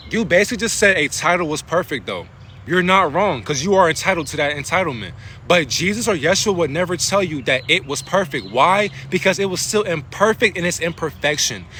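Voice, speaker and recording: A man's voice: high voice, bright, forceful tone, slight background noise. A man on a livestream giving a spiritual talk, using casual slang, asking heated rhetorical questions and often stopping to thank his viewers. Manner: passionate, preachy rhetorical questions.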